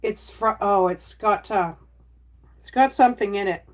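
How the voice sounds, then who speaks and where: A woman's voice: mid-range voice, moderate pace. A middle-aged woman chatting casually on a livestream, rambling from topic to topic and reacting to viewer comments.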